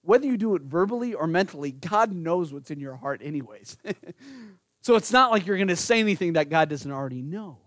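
High-voiced man preaching a sermon. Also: animated, a little fast, a bit bright, no echo, studio quality. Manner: earnest, speaks directly to listeners and to children in the congregation. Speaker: pastor.

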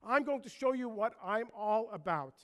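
Man voicing an overconfident, emphatic disciple, pitched high, for a sermon retelling. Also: expressive, a little fast, big-room sound. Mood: eager, insistent. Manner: emphatic, insistent protest. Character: eager, boastful adult male disciple.

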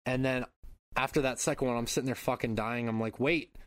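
A man's voice: mid-range voice, little pitch movement, fast, smooth, dry recording. A man in his thirties co-hosting a podcast, telling a rambling story in casual chat, swearing and laughing often. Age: 30s. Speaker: podcast co-host.

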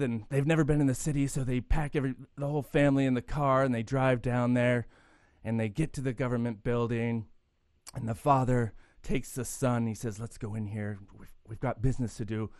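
A man's voice: medium pitch, a little mellow, dry recording. Dry-miked man telling rambling jokes. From Irish heritage. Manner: rambling storyteller, laughs at his own jokes. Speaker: podcast host. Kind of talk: casual chat, telling jokes.

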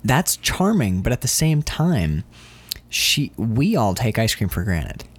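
A man co-hosting a casual movie podcast, talking in an animated way and swearing now and then. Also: takes it slowly, husky. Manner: animated, acts out quotes in loud high voices. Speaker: podcast co-host.

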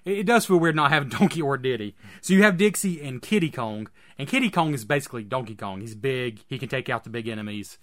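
Male co-host, mid pitch, relaxed rambling delivery. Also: fast, few pauses. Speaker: podcast co-host. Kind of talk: casual chat.

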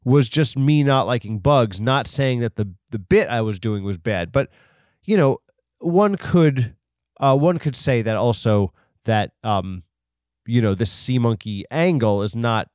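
A man's voice: medium pitch, unhurried, a little mellow, no echo, studio quality. A man hosting a comedy podcast, rambling through a bit with lots of ums and restarts. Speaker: podcast host.

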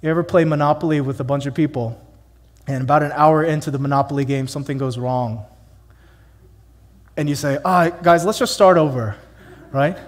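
A man's voice: medium pitch, steady tone, brisk, pauses often, in a large hall. A man preaching a sermon in a church, emphatic and conversational, with many rhetorical questions. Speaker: pastor.

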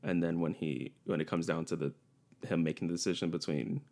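A man's voice: deep voice, fairly even intonation, brisk, darkish tone. A young man co-hosting a podcast, chatting casually and rambling, laughing often. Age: young adult. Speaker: podcast co-host. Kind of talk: casual chat.

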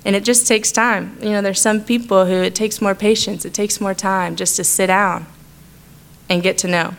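A woman's voice: medium pitch, fairly even intonation, normal speed, vocal fry. A young adult woman giving a heartfelt personal testimony to her church, talking in an earnest, conversational way. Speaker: church speaker sharing a testimony.

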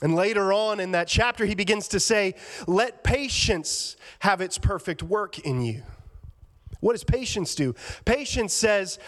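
A man's voice: high voice, expressive, unhurried, fairly bright tone. A man preaching a sermon as a church pastor, earnest and conversational, often restarting his sentences with repeated words.

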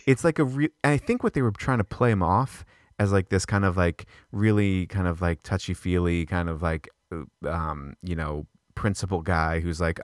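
A man co-hosting a casual podcast, ranting about a movie in an animated, exasperated way with many restarts. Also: low voice, moderate pace, dry recording, clean studio sound. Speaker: podcast co-host. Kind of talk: casual film review chat.

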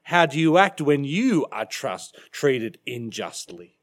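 Slow emphatic Australian minister. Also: male voice, mid-range voice, sing-song. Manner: emphatic, dramatic shifts in loudness. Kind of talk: sermon.

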